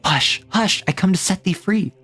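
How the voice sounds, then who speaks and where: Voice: mid-range voice, moderate pace, fairly bright tone, husky, soft background music. A streamer reading the lines of a young man urging his imprisoned lover to flee, in a dramatic reading of a classic play. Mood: urgent.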